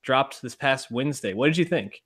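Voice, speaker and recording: A man with a middle-range voice co-hosts a casual podcast, easygoing and quick with asides. He sounds relaxed and conversational, neither especially low nor high. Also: breathy edge. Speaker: podcast co-host. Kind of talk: casual chat.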